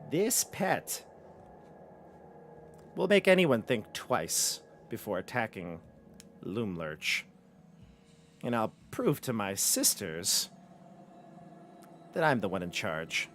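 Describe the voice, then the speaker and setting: A man's voice: on the low side, big pitch swings, takes it slowly, pauses often, fairly bright tone, slight background noise, heavily acted. A man voicing a scheming old hag woman who talks in a coaxing, conspiratorial way.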